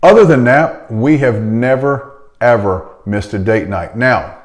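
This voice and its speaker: A middle-aged man delivers a motivational talk in a blunt, emphatic way. His voice sits at an ordinary middle pitch, and he talks straight at the listener with a preachy edge. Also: animated, unhurried. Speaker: chiropractor and practice coach.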